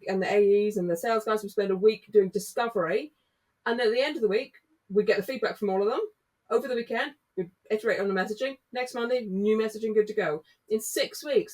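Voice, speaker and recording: Brisk woman telling work stories. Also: medium pitch, recorded from a distance, low-quality recording. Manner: brisk storyteller, acts out dialogue. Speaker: guest, marketing consultant. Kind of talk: casual podcast conversation.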